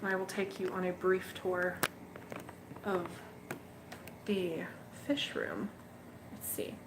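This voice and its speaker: Carrying a handheld camera through her home fish room, a woman who breeds bettas and hosts a channel chats warmly and coos at her fish on a casual livestream. She speaks slowly and flatly in a fairly low voice, with background noise present.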